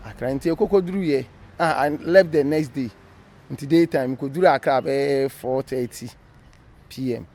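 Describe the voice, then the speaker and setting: A man's voice: mid-range voice, darkish tone. A Ghanaian man, a former referee, being interviewed, telling his story animatedly in a casual mix of English and Twi.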